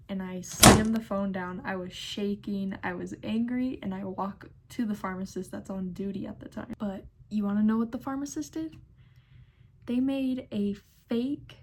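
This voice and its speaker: A sassy, exasperated young woman telling workplace stories in a vlog. She speaks at an unhurried pace, her delivery dry and amused. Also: medium pitch, a little mellow, a little hiss or hum. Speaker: pharmacy technician. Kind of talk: storytime vlog narration.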